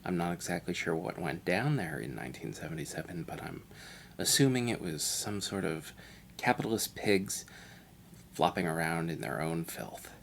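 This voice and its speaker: A man's voice: deep voice, animated, normal speed, vocal fry, slight background noise. A man giving a parody audio commentary over a video, pompous, self-satisfied and absurd. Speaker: mock film commentator.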